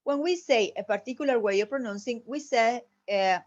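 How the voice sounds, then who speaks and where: A woman with Spanish as her first language giving a recorded class presentation on phonetics, careful and halting, often correcting herself. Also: on the high side. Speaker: student presenter. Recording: dull lo-fi audio.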